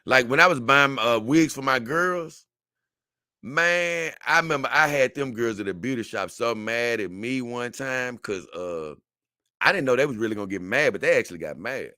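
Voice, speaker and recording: A man's voice: mid-range voice, expressive, normal speed, pushed and bright, dry recording, studio quality. A middle-aged man hosting a casual talk show, answering viewer comments in a rambling way and often stammering as he restarts his words. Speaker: show host.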